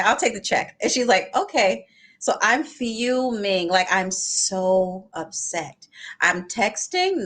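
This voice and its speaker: A woman's voice: mid-range voice, a bit bright. A young adult woman on a live panel, telling a story with laughs and acting out the lines she quotes.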